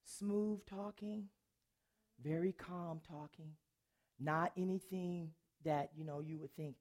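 A middle-aged woman giving a testimony sermon to an audience, a dramatic storyteller who laughs often and swings between loud and hushed. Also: on the low side, fairly even intonation, slow pace.

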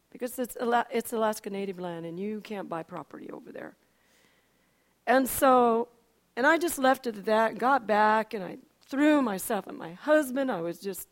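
Older woman, high-pitched, emotional storytelling, animated, frequent restarts. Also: normal speed. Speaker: speaker giving a testimony.

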